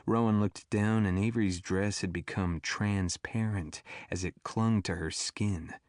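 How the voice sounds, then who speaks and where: A man narrating an audiobook thriller in a steady, even storytelling manner. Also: fairly low pitch, a little slow, dry recording, clean studio sound. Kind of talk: scripted narration.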